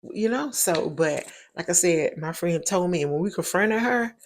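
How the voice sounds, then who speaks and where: A woman's voice: on the low side, normal speed. A woman, hosting a show and telling a personal story in a casual, emphatic way, often repeating her points for stress. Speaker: show host.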